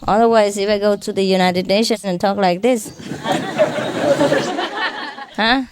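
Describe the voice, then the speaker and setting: A woman's voice: mid-range voice, steady tone, brisk, a crowd in the background, noisy background. A woman spiritual teacher giving an informal lecture, chatty and self-mocking, often ending phrases with a questioning "huh?". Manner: self-mocking, joking about her broken English.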